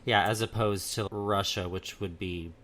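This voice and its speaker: A man's voice: fairly low pitch, fairly even intonation, a little slow, a crowd in the background. A man co-hosting a podcast, telling history as casual storytelling. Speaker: podcast co-host. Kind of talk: casual chat.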